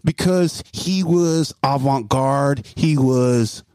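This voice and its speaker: A man telling a story in casual podcast chat, animated and profane, mimicking voices as he goes. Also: mid-range voice, slow pace, clear, resonant tone, no echo. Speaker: guest storyteller.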